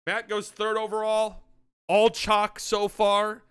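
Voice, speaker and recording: A man hosting a casual online mock draft, trading mumbled asides with loud mock-announcer calls. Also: high voice, monotone, slow, smooth. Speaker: host running a community mock draft. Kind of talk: casual livestream chat with mock announcer bits.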